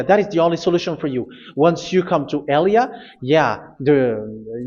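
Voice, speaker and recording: A male preacher with a voice pitched a little high, pressing his points again and again and stumbling over restarts as he goes. The recording sounds dull and lo-fi. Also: darkish tone. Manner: insistent preaching with repetitions and hesitations. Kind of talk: sermon.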